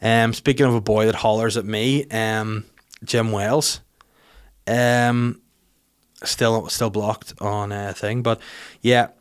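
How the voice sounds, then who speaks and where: A man's voice: fairly low pitch, little pitch movement, slow pace, smooth. A Northern Irish man hosts a podcast in a loose, comic monologue. He rambles from one thought to the next, mocks himself and drops the odd swear word along the way. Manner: rambling, self-deprecating, sweary. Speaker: podcast host. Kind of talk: casual comedic monologue.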